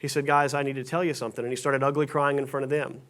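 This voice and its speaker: A man's voice: medium pitch, little pitch movement, racing, a bit bright. A pastor giving a casual, storytelling sermon to his congregation, with many restarts and self-deprecating asides. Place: church sanctuary stage.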